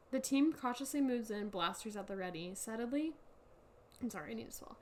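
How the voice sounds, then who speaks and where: A young woman co-hosts a casual chat podcast and reads a story aloud in halting, giggly bursts. Her voice sits a little high, with a faint hiss behind it. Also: lively intonation. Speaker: podcast co-host.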